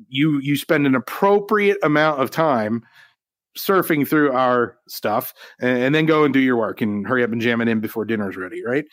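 Brief: upbeat livestream co-host, male, a bit high-pitched, close dry mic. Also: no room sound. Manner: chatty, upbeat, jokey asides. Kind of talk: casual livestream chat.

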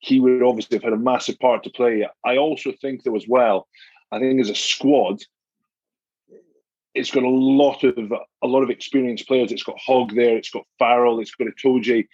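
A male guest with a husky tone speaks over a dry, muffled remote line. He reasons aloud carefully, often restarting a phrase before he moves on. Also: mid-range voice, fairly even intonation, darkish tone, no room sound. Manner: measured, reasoning aloud with repeats. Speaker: guest, rugby captain. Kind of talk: casual chat.

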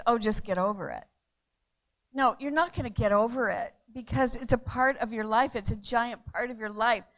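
A woman preaching a sermon in an earnest way, repeating phrases and swinging from hushed to loud. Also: a little high, muffled recording.

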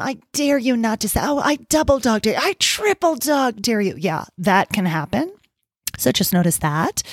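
Playful chatty woman coach doing little voices for her thoughts, lowish pitch. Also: no room sound, clean studio sound. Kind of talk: casual podcast talk.

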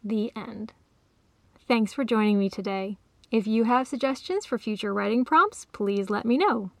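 A woman author reading her own short story aloud in a calm, even storytelling manner. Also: fairly high pitch, normal speed, dry recording. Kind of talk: storybook narration.

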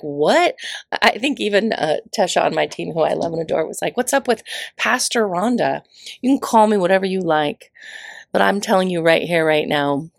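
A middle-aged woman hosts her motivational podcast in a raspy, gravelly voice. She talks with effusive energy, full of playful asides and emphatic repeats. The sound is dry and close, with no room around it. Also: fairly low pitch, dry recording. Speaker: podcast host. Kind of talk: upbeat motivational podcast monologue.

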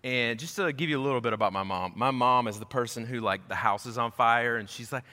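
A man preaching as a pastor, telling a personal story in an animated way and acting out the voices of the people in it. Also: medium pitch, brisk, hardly any pauses. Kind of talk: storytelling sermon. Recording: echoey hall.

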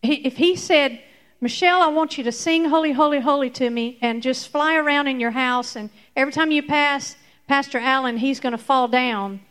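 A woman teaching a lively Bible lesson to children, acting out the story with fillers and bursts of excitement. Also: high-pitched, normal speed.

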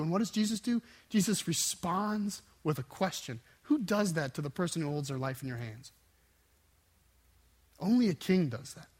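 A man preaching a sermon with intense emphasis, swinging between forceful surges and quiet, dropped endings. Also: sits high, slightly rough. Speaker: pastor.

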